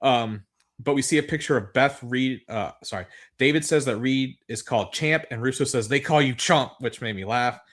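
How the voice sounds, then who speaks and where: A man's voice: medium pitch, moderate pace, a bit bright. A man co-hosting a podcast, recapping in a loose, rambling, profane chat and laughing at the silly bits. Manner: rambling, swears freely, laughs at absurd moments. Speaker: podcast co-host.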